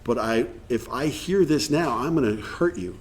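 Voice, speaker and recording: This workshop speaker runs a recovery session in a meeting room, talking with earnest conviction and performing bits of dialogue. He has a medium pitch, an animated delivery, and a moderate pace.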